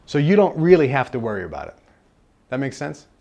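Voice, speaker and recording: A man's voice: mid-range voice, very animated, a little fast, a little mellow. A man speaking at a live self-help seminar, earnest and repeating his key phrases for emphasis. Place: seminar room with a live audience.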